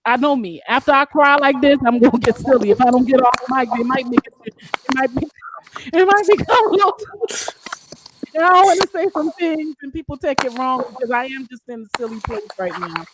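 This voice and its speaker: A woman's voice: high voice, fairly quick, very noisy. A woman hosting a live stream, talking emphatically and sounding tearful. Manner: emphatic, animated, swinging between crying and laughing. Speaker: host. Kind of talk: emotional live-stream chat.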